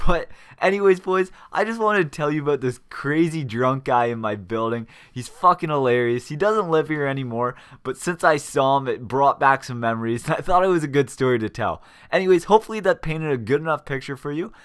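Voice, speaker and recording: A man's voice: on the high side, brisk, few pauses, smooth. A young man hosting a gaming channel, telling a story casually with plenty of swearing and laughter. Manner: animated, swears freely, laughs while telling.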